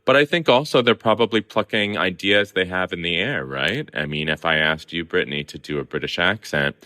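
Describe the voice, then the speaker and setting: A man's voice: sits low, brisk, pushed and bright. A man from Southern California, a reporter guest on a podcast, giving articulate opinions. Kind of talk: conversational podcast interview.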